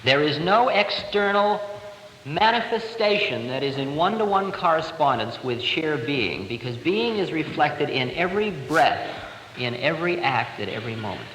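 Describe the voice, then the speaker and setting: A man in his thirties giving a spiritual talk to an audience, telling stories in a lively, expressive way. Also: a little high, normal speed. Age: 30s. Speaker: spiritual teacher. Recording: echoey hall, 1970 live recording, faint hiss.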